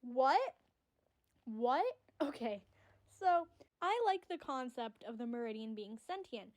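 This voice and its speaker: A woman giving casual, excitable fan commentary on a story, rambling and swearing freely. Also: sits high. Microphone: audio-only recording.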